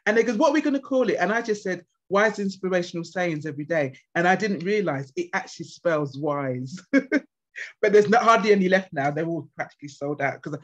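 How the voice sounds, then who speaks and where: A woman guest speaker at a conference, answering questions with passionate, animated stories. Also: lowish voice, a little fast. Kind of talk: conference Q&A with anecdotes. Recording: dull lo-fi sound.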